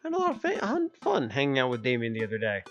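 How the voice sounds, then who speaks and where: A man's voice: mid-range voice, huge pitch swings, fast, a bit bright. A young man streaming a dating game, joking and narrating as he plays. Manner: jokey, switches between narration and character voices. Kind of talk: voicing a dating game playthrough. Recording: slightly dull lo-fi sound with faint music.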